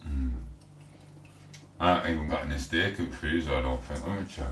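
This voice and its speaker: Very deep and brisk, this middle-aged Englishman's voice reaches a distant mic through a noisy background and roomy acoustics. He's hosting a relaxed home livestream, chatting aimlessly as he eats and reads out the chat.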